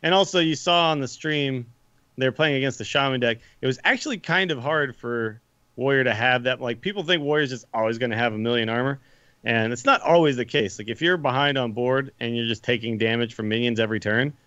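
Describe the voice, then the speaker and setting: A man's voice: mid-range voice, fairly quick, pushed and bright, smooth, dry recording, highs cut off. A man co-hosting a casual podcast about a card game, thinking aloud with hedges and restarts. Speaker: podcast co-host.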